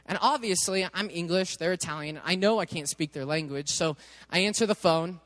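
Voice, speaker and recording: A man preaching in a chatty, animated storytelling way, often restarting his sentences. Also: sits high, fairly quick. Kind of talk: storytelling sermon. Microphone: headset mic.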